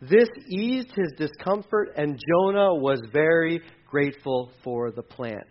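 A man preaching a sermon in a conversational, animated way, acting out quoted voices. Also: on the high side, unhurried, muffled recording. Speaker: pastor.

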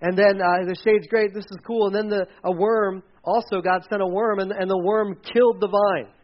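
A man's voice: sits high, moderate pace, highs cut off. A male pastor giving a sermon in a church, telling stories with animation and acting out quotes. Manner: animated storyteller, acts out quotes.

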